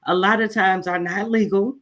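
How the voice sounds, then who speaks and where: An interview host adding steady explanations and short agreements in a casual chat. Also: mid-range voice, moderate pace.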